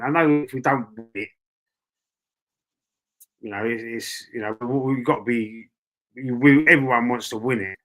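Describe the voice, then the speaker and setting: A man with a Cockney accent hosts a casual live stream, talking straight and unfiltered. He swears freely and circles back over the same point, his voice sitting in an ordinary middle pitch. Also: fairly bright tone. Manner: blunt, swears, repeats himself. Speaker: football fan channel host.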